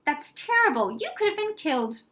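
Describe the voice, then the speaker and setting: A woman voicing an excitable, anxious clever schoolgirl in a storybook reading. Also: sits high, pitched above the performer's own voice. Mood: excited. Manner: excited, rushed.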